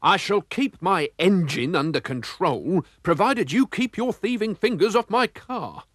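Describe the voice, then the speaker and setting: A man doing a proper, firm old gentleman. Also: high-pitched, animated, measured pace, no echo, clean studio sound, voice pushed up. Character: genteel, confident older gentleman motorist. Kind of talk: storybook cartoon character voice.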